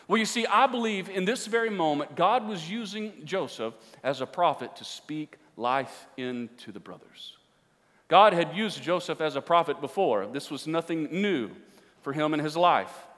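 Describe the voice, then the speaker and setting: A man preaching a sermon to a church congregation, emphatic and climbing to near-shouting on key points. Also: high voice, lively intonation, normal speed. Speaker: pastor. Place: church sanctuary with an audience. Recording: long hall reverb.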